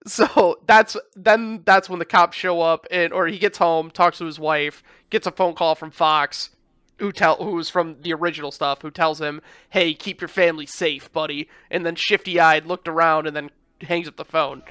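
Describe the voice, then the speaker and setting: A man casually retelling a film plot, animated, swearing, and slipping into mock voices for the characters. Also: on the high side, normal speed, smooth, no room sound. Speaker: podcast co-host. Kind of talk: casual movie recap chat.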